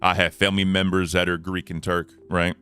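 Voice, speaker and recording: Very deep-voiced man, bright and rambling. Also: level tone, brisk, clear, resonant tone. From United States. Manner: laid-back, rambling, trails off quietly. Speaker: co-host. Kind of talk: casual podcast chat.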